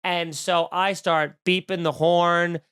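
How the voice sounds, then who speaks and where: A man's voice: sits high, flat delivery, slow pace, a bit bright, clear, resonant tone, no room sound, clean studio sound. A man hosting a comedy podcast, telling a story in a snarky, profane, ranting way.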